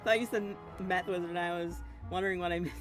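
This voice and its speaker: Fast and steady in tone, her lowish voice carries over music as she streams a game. The talk is loose and giggly, skipping between subjects, and she eats along the way, murmuring "yum" and "nom" to herself.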